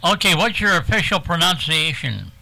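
Brief: male radio host, folksy jokester, high gravelly voice, sharp bright tone. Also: big pitch swings, normal speed, poor audio. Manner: folksy, joking. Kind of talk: casual radio chat.

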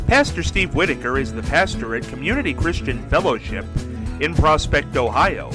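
A man's voice: a little high, very animated, moderate pace, music in the background, rough recording. A man reading upbeat promotional announcements for a local radio station.

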